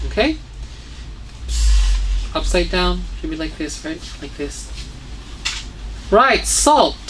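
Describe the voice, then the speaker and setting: A woman at a middle pitch leads a children's phonics lesson, spelling every word out letter by letter. She keeps checking in with "okay?" and "right?" as she goes. A faint hiss sits under the recording. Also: fairly bright tone. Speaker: English teacher.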